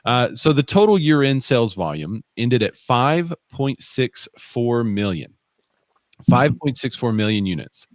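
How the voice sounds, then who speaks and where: A man's voice: mid-range voice, big pitch swings, unhurried, dry recording. A man co-hosting a live real estate show, chatting casually and reading viewer comments aloud. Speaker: podcast co-host.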